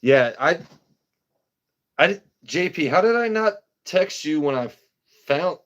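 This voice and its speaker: A man's voice: fairly high pitch, animated, slow, fairly bright tone, muffled recording. A man hosting a livestream in casual, rambling chat, swearing freely as he talks. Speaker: livestream host.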